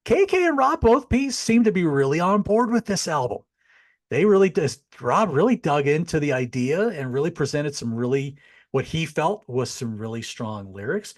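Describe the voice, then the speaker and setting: A middle-aged man hosting a casual chat show, animated and chatty, wandering into asides. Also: on the high side, normal speed. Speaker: podcast host. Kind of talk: casual chat over a video call.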